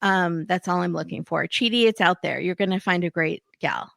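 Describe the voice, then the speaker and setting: A woman guests on a casual podcast, her bright voice edged with gravelly fry. She recaps with a wry, gossipy humor and laughs between lines, recorded dry and close. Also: on the low side, moderate pace, dry recording.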